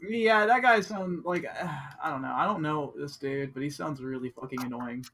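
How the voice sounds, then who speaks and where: Husky-voiced co-host reacting in disbelief. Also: medium pitch, normal speed, fairly bright tone. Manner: reacting with short stunned exclamations. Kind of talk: casual chat.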